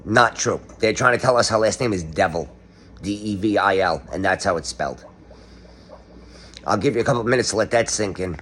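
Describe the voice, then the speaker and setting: A man's voice: lowish voice, brisk, a bit bright, a little hiss or hum. Sarcastic, ranting middle-aged man. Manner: sarcastic, ranting, breaks into sung and quoted lines. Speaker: online commentator. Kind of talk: casual comedic monologue to camera.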